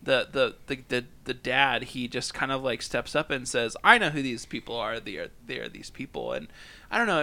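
A man's voice: medium pitch, vocal fry, bright, forceful tone. A young man hosting a casual podcast chat, rambling with lots of fillers and restarts. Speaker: podcast host.

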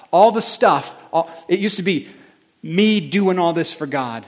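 Man preaching, hushed to emphatic. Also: sits high, animated, unhurried. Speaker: pastor. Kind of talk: sermon.

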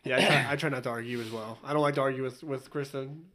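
A man co-hosting a podcast in casual chat, chiming in with quick jokes and laughing often. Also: mid-range voice, steady tone, fairly bright tone. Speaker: podcast co-host.

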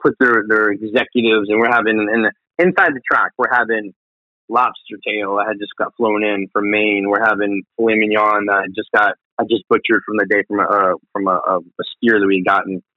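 On a tinny, phone-like recording with no room sound, a guest chef chats casually in an interview. He speaks briskly in a lowish, fairly even voice, rambling with plenty of fillers and false starts.

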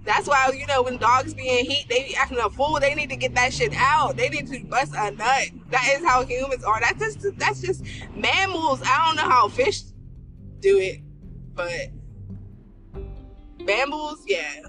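A woman's voice: high-pitched, a little slow, music in the background. A woman hosting her own podcast, talking frankly in slangy casual speech and laughing often. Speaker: podcast host. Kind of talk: casual solo podcast talk.

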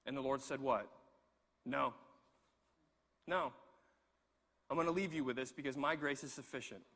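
A man preaching a sermon, telling a personal story in an animated way and repeating words as he gets going. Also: medium pitch, quick pace, in a large hall. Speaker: pastor.

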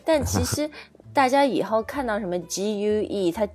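A woman's voice: mid-range voice, lively intonation, moderate pace, a little mellow. A woman co-hosting a bilingual lesson, explaining pronunciation patiently and checking in with her listeners. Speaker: English pronunciation teacher, co-host.

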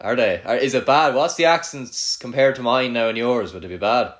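A man's voice: medium pitch, expressive, brisk, fairly bright tone. Rambling, teasing young irish man. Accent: Irish, Kildare. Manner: swears a lot, teasing, rambling with many "like"s. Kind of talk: casual banter with a friend.

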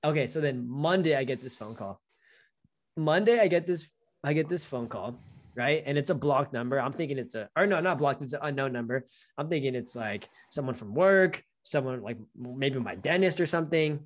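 A young man co-hosting a casual chat, telling stories in an animated way and acting out the lines of people he quotes. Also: on the high side, a little fast. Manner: animated storytelling, acts out quoted dialogue. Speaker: podcast co-host.

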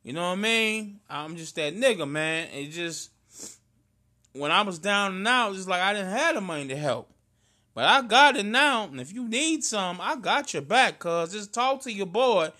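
St dude riffing with his cousin, loud and animated, slightly high voice. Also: moderate pace. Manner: loud, animated storyteller, slangy and emphatic. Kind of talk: casual chat between cousins.

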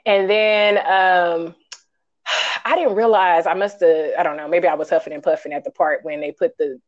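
A woman co-hosting a podcast, reviewing a film in casual chat, animated and ranting, acting out quotes in high voices. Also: normal speed, lo-fi sound. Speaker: podcast co-host.

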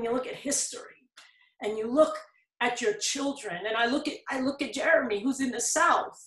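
A middle-aged woman with a high, slightly bright voice earnestly shares a personal story in an interview, her tone rising in pleading emphasis. The conversation was recorded in an echoey room.

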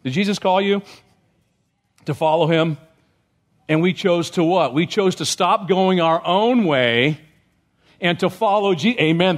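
A male pastor delivers a sermon in a church sanctuary. His voice sits a little high for a man, and his delivery is loose and conversational. He keeps asking the congregation questions as he preaches.

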